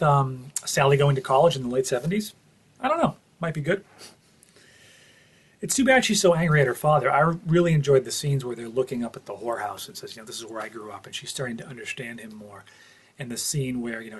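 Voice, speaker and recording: A man with a mid-pitched, slightly husky voice gives a casual spoken review of a TV episode. He is earnest and opinionated, working out his thoughts aloud as he talks. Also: brisk.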